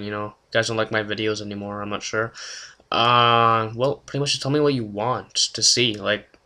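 A man's voice: lowish voice, sharp tone, smooth. A young man with a gaming channel, casually talking to his viewers in a rambling, hesitant way with lots of fillers.

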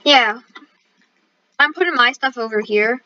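Bright high-voiced playful female gamer. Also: measured pace, no room sound, highs cut off. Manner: playful, joking, self-promoting. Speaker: gaming channel host. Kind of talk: casual gameplay chat.

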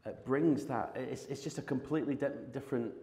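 A man's voice: mid-range voice, brisk, warm tone. A Scottish man in his fifties, a former snooker champion, telling rambling stories with restarts and laughs on a live podcast stage. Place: large arena in front of an audience. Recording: echoey live venue with long reverb.

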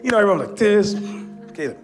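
A middle-aged man preaching a fervent sermon in church, rising to shouts at the peaks. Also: sits high, big pitch swings, fast talker, faint music behind. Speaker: pastor. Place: church sanctuary.

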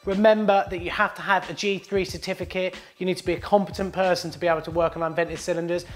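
A man with a British accent, a plumber talking through a hands-on job indoors in a chatty, joking way. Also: sits high. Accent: British English. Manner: chatty, jokey, explaining step by step. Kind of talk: hands-on trade tutorial. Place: indoors at a job site by a hot water cylinder.

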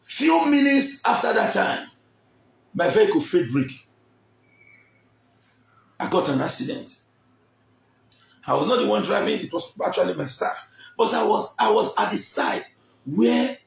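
Animated Nigerian man telling a story. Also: sits high, normal speed, creaky, pauses often, echoey room. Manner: dramatic, acts out the people he quotes.

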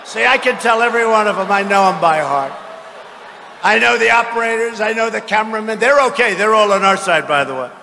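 A man in his seventies giving a political rally speech in an arena, boastful and mocking, often breaking into shouts. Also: sits high, expressive, a little fast, vocal fry, slight background noise. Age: 70s. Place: large arena with crowd. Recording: arena with long reverb.

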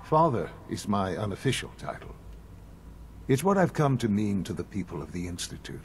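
Game voice: a measured elderly leader, very low voice, gravelly texture. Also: male voice, very animated, a little hiss or hum. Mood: solemn. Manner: measured, composed, explanatory. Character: calm elderly male leader of a secret institute. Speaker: game character.

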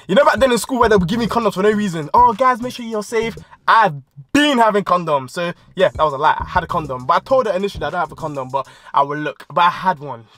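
A young man with a London accent, telling a funny personal story to camera and switching into voices for the people he quotes. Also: fast talker. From United Kingdom. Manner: animated, voices quoted people with big pitch jumps. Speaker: storytime vlogger. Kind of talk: comic storytelling.

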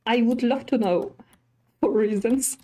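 Slow-talking woman narrating her gameplay. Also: fairly high pitch, warm tone. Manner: chatty, easily startled, talks to animals and villagers. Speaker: streamer. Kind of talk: casual gameplay commentary.

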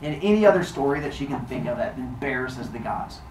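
A male teacher telling a myth to his class in an animated, theatrical way, recorded in a classroom. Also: medium pitch, brisk, roomy sound, far from the mic, a little hiss or hum, rough recording. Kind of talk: storytelling lesson.

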